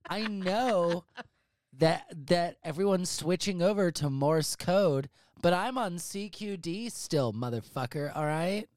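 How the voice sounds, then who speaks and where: A man's voice: high voice, lively intonation, slow, darkish tone, no room sound, clean studio sound. A man hosting a casual comedy movie podcast from a home office, talking in a profane, hyperbolic, rambling way. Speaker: podcast host.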